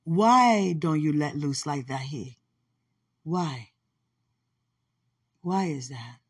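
A woman's voice: low-pitched, animated, extremely slow, slightly rough. A woman hosting a podcast, talking in a casual, teasing monologue and laughing often. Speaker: podcast host.

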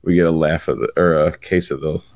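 A man co-hosting a podcast, talking in a halting, laid-back way with many fillers. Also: rumbling low, fairly even intonation, darkish tone, no echo. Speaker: podcast co-host. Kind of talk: casual chat.

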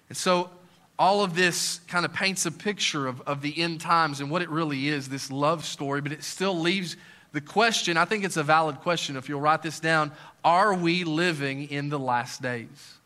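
A middle-aged male pastor preaching a sermon, swinging from soft, intimate lines to loud, excited ones with joking asides. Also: a little high.

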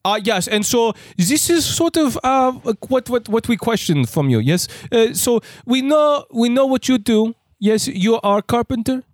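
A man voicing a pompous German fashion designer officer in a put-on German accent, preening and halting, tacking on "yes?". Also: very high-pitched, lively intonation, no echo, clean studio sound. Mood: smug. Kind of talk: improvised comedy sketch.

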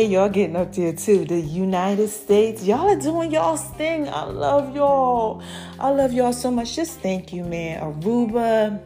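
A woman hosting her own podcast, giving a casual, effusive update to her followers, calling them y'all and baby. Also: mid-range voice. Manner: animated, effusive, addresses listeners as y'all and baby. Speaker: podcast host and brand owner.

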